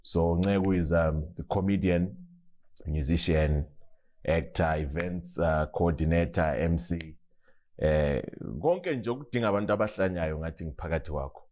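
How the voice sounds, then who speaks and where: A man with a Zimbabwean Ndebele accent, a comedian telling stories in a relaxed interview. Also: low voice, normal speed. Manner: relaxed storytelling with frequent restarts and laughs. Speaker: comedian guest. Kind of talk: casual interview, mixing English and Ndebele.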